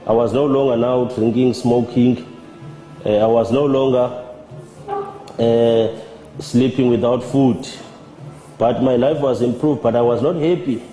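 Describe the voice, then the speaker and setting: Man, halting church testimony, deep mellow tone, echoing hall. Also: fairly even intonation. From South Africa. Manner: measured, halting, with repeated words. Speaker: church member giving testimony. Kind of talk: personal testimony. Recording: roomy with long reverb and faint music.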